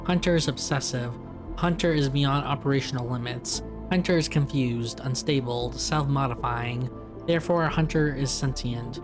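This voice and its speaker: Game music plays behind a man reading the terse, broken speech of a machine intelligence on the run, now living in a vending machine. He keeps to his own natural voice, mid-range and at a moderate pace.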